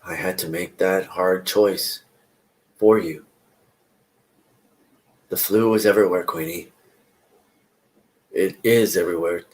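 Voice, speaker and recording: A man reading a play aloud, playing a weary small-town doctor who speaks earnestly and with measured care. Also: lowish voice, lightly acted.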